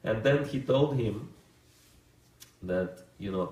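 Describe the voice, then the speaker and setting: Deep-voiced man telling a story in a roomy hall. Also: slow, distant mic. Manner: relaxed anecdotal storytelling with fillers and chuckles. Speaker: monk giving a talk. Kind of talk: storytelling lecture.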